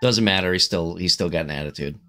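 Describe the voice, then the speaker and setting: A man co-hosting a casual podcast chat, swearing freely, laughing often and breaking into loud joking outbursts. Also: low-pitched, fast, faint music behind. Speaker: podcast co-host.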